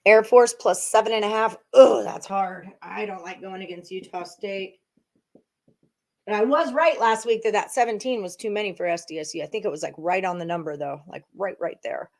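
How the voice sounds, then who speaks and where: A woman with a mid-range voice speaks at a normal speed. She hosts a live sports betting stream, chatting casually and thinking aloud to viewers while working through her picks.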